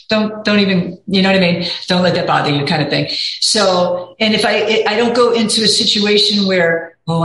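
A woman's voice: fairly low pitch, fairly bright tone, slight background noise. A middle-aged woman talking as an interview guest in a candid, rambling way, often saying "you know". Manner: rambling, candid, peppered with 'you know'. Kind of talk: casual interview chat. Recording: echoey room.

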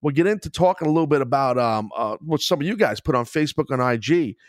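A middle-aged man hosting his own podcast in casual solo chat, rambling, swearing and getting excited as he goes. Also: medium pitch, quick pace, no room sound, clean studio sound. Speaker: podcast host.

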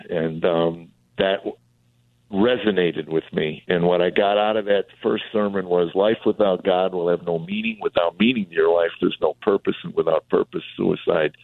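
A middle-aged comedian and author, a guest on a radio talk show, tells his life story over a tinny phone line. His deep, gravelly voice has no echo, and he acts out the voices of the people he quotes.

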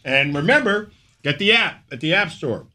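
A man's voice: a little high, expressive, moderate pace, bright, forceful tone. A man hosting a radio show, chatting casually and easily while tasting food on air. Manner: easygoing, thinks aloud with fillers.

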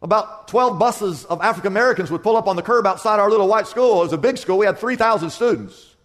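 A male pastor from Kansas preaching with a notably high voice. He tells his story vividly and drops to a hushed tone for the heavy parts. The delivery is sermon-style from start to finish. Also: fast talker.

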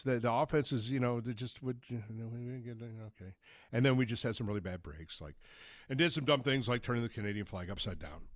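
A man's voice: medium pitch, no room sound, studio quality. A man hosting a sports call-in radio show, talking in a rambling, stop-start way with chuckling asides. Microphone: studio mic.

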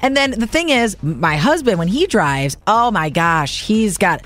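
A woman's voice: mid-range voice, big pitch swings, unhurried, fairly bright tone. A middle-aged woman co-hosting a casual radio chat, chatty and agreeable, with playful complaints. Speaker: radio co-host.

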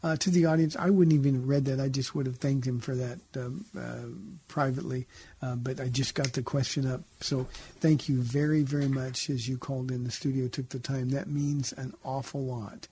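A man's voice: mid-range voice, fairly even intonation, moderate pace, mellow, a little hiss or hum. A man who is a pastor hosts a radio call-in show, answering listener questions in an earnest, conversational preaching manner from a studio.

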